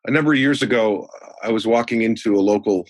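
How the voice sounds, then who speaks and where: Husky low-voiced older man telling stories. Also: fast talker, no echo. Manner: folksy anecdotal teller, animated in stories. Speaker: guest, sales trainer and speaker. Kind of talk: conversational storytelling.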